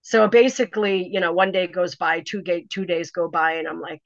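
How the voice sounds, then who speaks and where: Animated woman telling a story, dull dry sound. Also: lowish voice, a little fast, creaky, no echo. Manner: animated, dramatic retelling with many restarts. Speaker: interview guest, first-time author. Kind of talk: casual storytelling.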